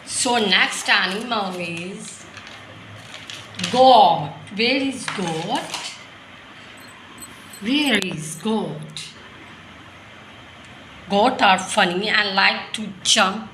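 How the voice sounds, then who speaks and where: A woman's voice: mid-range voice, drawn-out words, pauses often, bright, forceful tone. A woman teaching animals to small children, in simple sentences with lots of questions. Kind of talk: kids' lesson, talking to toddlers. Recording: echoey room with faint noise.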